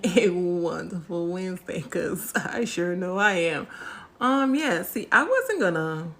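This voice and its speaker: A woman's voice: fairly low pitch, lively intonation, slow pace. A woman talking in a chatty reaction vlog, speaking to her viewers as friends. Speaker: vlogger.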